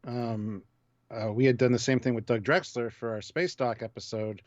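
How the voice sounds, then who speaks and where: Relaxed male co-host, muffled dry mic. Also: medium pitch, normal speed, dry recording. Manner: relaxed, reads out donations. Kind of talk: casual live-stream chat.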